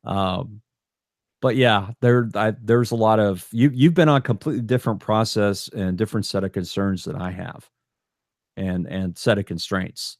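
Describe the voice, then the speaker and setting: A man with a fairly low voice co-hosts a casual podcast. He talks bluntly and rambles, tripping over his own restarts. His voice sits close and dry on a studio podcast mic. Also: normal speed, creaky, no echo. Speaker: podcast co-host.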